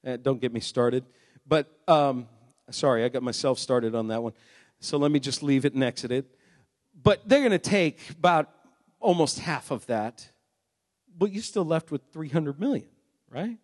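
A male pastor preaching a sermon, swelling from steady talk into loud, emphatic passages. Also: medium pitch, normal speed, big-room sound.

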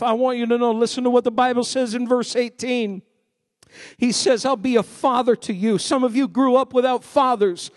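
A male preacher delivering a sermon, emphatic, swinging between loud shouted passages and quiet, low asides. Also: moderate pace.

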